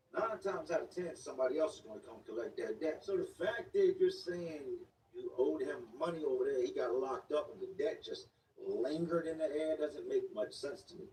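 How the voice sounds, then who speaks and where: A man's voice: fairly high pitch, a little mellow. A man telling a story in a casual, slangy way, repeating words for emphasis. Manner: slangy, repetitive street talk. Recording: echoey room, distant mic, faint noise.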